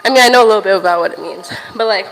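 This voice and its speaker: A woman's voice: medium pitch, very fast, creaky, a bit bright, in a large hall, slight background noise, poor audio. A young woman livestreaming from a gym while walking on a stair machine, chatting casually to viewers, a little out of breath and swearing now and then.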